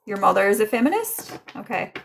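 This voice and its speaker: A young woman giving a casual livestream psychic reading, chatty and gentle as she relays messages. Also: mid-range voice, big pitch swings, fairly quick, creaky, slight background noise. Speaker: psychic medium.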